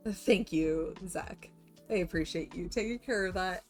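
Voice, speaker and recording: A Canadian woman streamer talks slowly and rambles to her chat, leaning on fillers as she goes. Faint music sits in the background. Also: fairly low pitch. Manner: rambling, chatty, lots of fillers. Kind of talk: casual chat with viewers.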